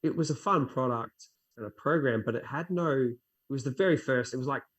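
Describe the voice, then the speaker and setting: A man's voice: medium pitch, fairly quick, a bit bright. Fitness instructor guest, young man, chatty, acts out his own thoughts mid-story. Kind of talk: casual interview chat.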